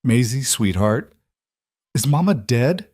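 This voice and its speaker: A man voicing a calm, blunt little girl. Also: medium pitch, takes it slowly, dry recording, studio quality, pitched above the performer's own voice. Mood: flat. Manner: flat, quiet voice. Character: young girl, eight, eerily calm and blunt.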